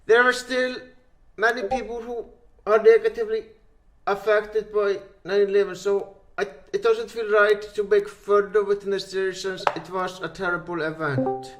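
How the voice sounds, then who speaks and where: A man's voice: sits high, flat delivery, normal speed, few pauses, a bit bright. A man hosting a casual group voice call, moderating the others and keeping them in line with polite firmness. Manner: moderating, interrupting, politely firm. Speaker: host of a group voice call about his series.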